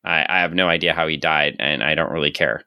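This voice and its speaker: A man co-hosting a podcast about comic books, talking casually, sarcastic and quick to laugh. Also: a bass voice, steady tone, pushed and bright, clean tone, no echo, studio quality. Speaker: podcast co-host. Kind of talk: casual comic book chat.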